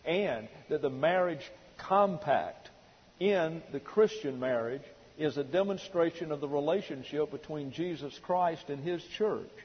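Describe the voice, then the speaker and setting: A middle-aged man preaching a sermon, emphatic and slow on his key words, heard through a dull lo-fi recording in a reverberant hall. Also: on the high side, breathy edge. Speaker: pastor.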